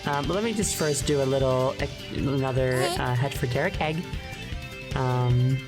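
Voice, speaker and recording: A woman with a low voice chats casually on a live stream, rambling and giggling as she goes, with plenty of ums and uhs. Music plays clearly behind her. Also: normal speed. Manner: rambling and giggly, many fillers. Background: background music.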